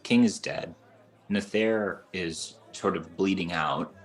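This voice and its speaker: Very deep-voiced man chatting about books. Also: slow pace, soft background music. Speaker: book podcast co-host. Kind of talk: casual book discussion.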